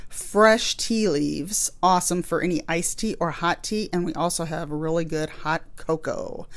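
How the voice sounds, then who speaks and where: Chatty woman podcast host, lower voice. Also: steady tone, a little slow. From Illinois, USA. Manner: chatty, rambling, laughs easily. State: a little out of breath. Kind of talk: casual chat. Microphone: studio microphone.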